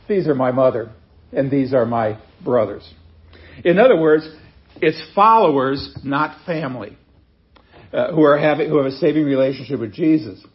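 A man preaches a sermon in a relaxed, conversational way, reading scripture and then breaking off to explain it in his own words. His voice sits a little high for a man. The recording sounds dull and lo-fi. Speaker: pastor.

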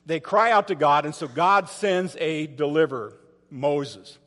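A man with a high voice delivers a sermon from the pulpit of a church sanctuary. He retells the story dramatically and keeps putting rhetorical questions to the congregation. His voice carries a long hall reverb. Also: unhurried, a bit bright. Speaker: pastor.

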